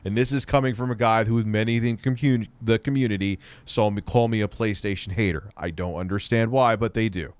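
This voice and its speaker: A man's voice: on the low side, brisk, few pauses, clean tone, dry recording. A man hosting a casual livestream Q&A, reading viewer questions aloud and answering in a rambling, profane way.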